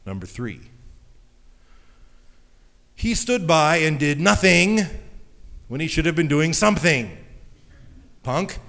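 A man preaching a sermon in a conversational, jokey way, with animated asides. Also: on the high side. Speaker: pastor. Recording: long hall reverb.

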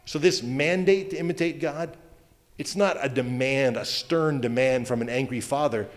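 A man's voice: medium pitch, moderate pace. Male pastor, conversational preaching style, joking asides, long hall reverb. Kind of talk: sermon.

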